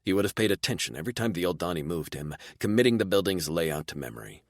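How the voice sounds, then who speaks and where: Deep-voiced male audiobook narrator. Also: lively intonation, fast talker, dry recording. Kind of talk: first-person fantasy romance audiobook narration.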